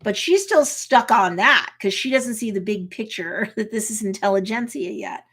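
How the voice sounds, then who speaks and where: A woman's voice: mid-range voice, animated, moderate pace, a bit bright, breathy edge. A woman attorney chatting casually as she reacts to and retells a TV episode, often tagging her points with "right?" and "like". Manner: chatty, retells scenes, tags lines with "right?" and "like".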